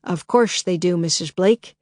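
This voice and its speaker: A woman voicing a thin, saturnine male private detective in a storybook, with a dry, creaky Minnesota accent and a slight lisp, calm and persuasive. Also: fairly low pitch, measured pace, no echo, close to an everyday voice. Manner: calm, knowing, gently persuasive.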